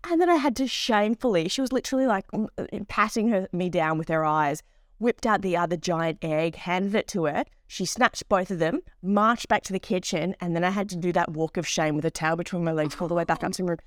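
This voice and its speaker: A woman co-hosting a podcast, telling an embarrassing travel story in a lively, animated way and acting out the people in it. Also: on the low side, a little fast, dry recording, studio quality. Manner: animated storyteller, acts out voices in anecdotes. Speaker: podcast co-host. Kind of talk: casual chat.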